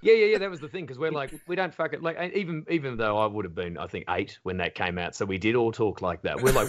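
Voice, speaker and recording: A sardonic Australian man riffs through podcast chat, swearing freely and firing off quick jokes. His voice sits at an ordinary middle pitch, and his delivery is loose and irreverent. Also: expressive. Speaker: comedian guest.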